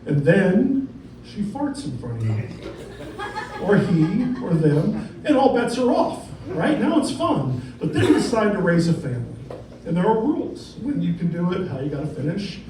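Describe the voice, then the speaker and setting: A middle-aged stand-up comedian rambles through his set, checking in with the crowd. His voice sits high. It is captured from afar in a very echoey, noisy club. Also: sing-song, normal speed. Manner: rambling, conversational, keeps asking "right?". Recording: echoey room, distant mic, noisy.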